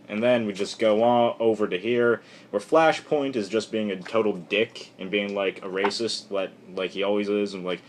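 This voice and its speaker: A man casually recapping a comic book issue on camera in a rambling, irreverent, animated way. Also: fairly low pitch, moderate pace.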